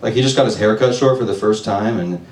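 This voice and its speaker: At a bar-room open mic, a stand-up comic in his twenties delivers a crude, sardonic, self-deprecating set in a lowish, slightly mellow voice at a fast clip. The echoey recording comes from a distant mic, with a little hiss or hum and crowd laughter in the background.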